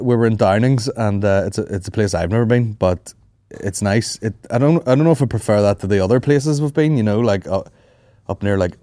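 A man with a lowish voice rambles through sweary, animated anecdotes in casual podcast banter. The sound is dry and close to the mic, with no room around it. He talks loosely, piling up asides. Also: no room sound. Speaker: podcast co-host.

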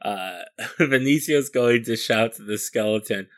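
A man's voice: medium pitch, measured pace, dry recording, studio quality. A man playing a tabletop game, laid-back and joking as he describes his character's actions. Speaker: player.

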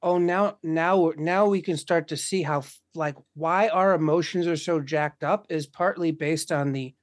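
Casting: man, fairly high-pitched, impassioned casual talker who curses freely, close and dry sound. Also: a little slow, no echo. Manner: impassioned, swears often, acts out quoted voices. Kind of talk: casual conversation.

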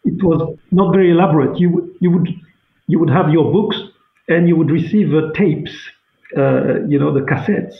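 A man in his fifties from France, speaking English with a French accent. He answers interview questions haltingly, with many fillers and restarts. His voice comes through a tinny, phone-like line with a roomy echo. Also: on the high side, gravelly. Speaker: guest, company CEO. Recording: echoey room over a tinny phone-like line.

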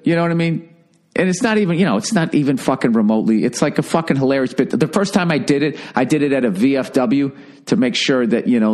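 A stand-up comedian telling a profane anecdote, ranting indignantly with heavy swearing. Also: male voice, medium pitch, a little mellow.

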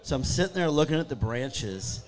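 In a laid-back ghost-story chat, a male guest with a fairly high-pitched voice talks at normal speed. He's an animated storyteller who voices what people said.

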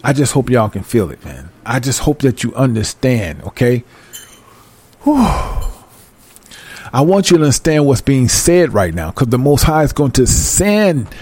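A man reading scripture aloud and breaking into fervent, emphatic commentary, talking excitedly like a Bible teacher. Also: medium pitch, no room sound. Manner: reads verses then breaks into fervent commentary; emphatic, animated, apologizes for going fast. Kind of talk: excited scripture study talk.

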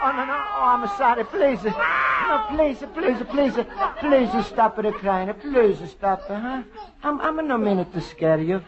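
A tender, fussing Italian immigrant with a heavy Italian accent and a high, light voice. He pleads and chatters in broken English, in the style of 1940s radio comedy. The old broadcast sounds muffled and hissy, with a studio audience laughing behind him. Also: animated, slow, a loud crowd, full character voice. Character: gentle middle-aged Italian immigrant man, sweet-natured.

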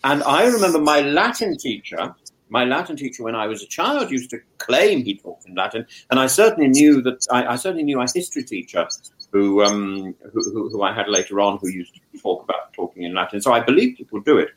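A man in casual conversation whose pitch swings widely as he talks. He restarts phrases again and again, stumbling into strong opinions. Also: fairly quick. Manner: stammering restarts, animated opinions. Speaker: guest. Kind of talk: casual discussion.

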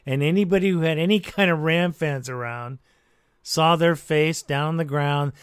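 A man hosting a sports call-in radio show, giving blunt, measured commentary. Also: on the high side, smooth, no echo, studio quality.

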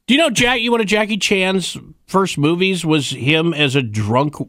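A man's voice: high-pitched, normal speed, fairly bright tone, dry recording, studio quality. A man hosting a radio call-in show, with wry, offhand casual banter. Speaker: radio talk show host.

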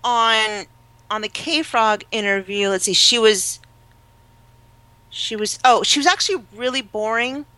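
Bright, animated gossipy woman. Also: on the high side, unhurried, smooth, no echo. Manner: animated, gossipy, acts out quoted people. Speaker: podcast co-host. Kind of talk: casual chat.

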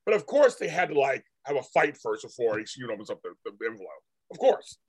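A man's voice: medium pitch, sing-song, a little fast, breathy edge. A man hosting a casual chat show, talking animatedly and acting out characters' lines. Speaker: podcast host. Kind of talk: casual chat about a soap opera.

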